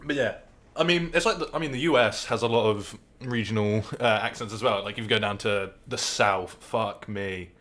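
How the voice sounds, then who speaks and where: A man's voice: fairly low pitch, normal speed, a bit bright. A young man from Southwest England, a podcast guest in casual chat, laughing often and swearing heavily.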